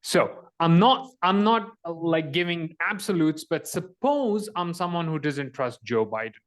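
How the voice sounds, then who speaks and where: An earnest man on a group video call, walking through his idea step by step. His voice sits somewhat higher than most men's. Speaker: call participant. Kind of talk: casual explanation.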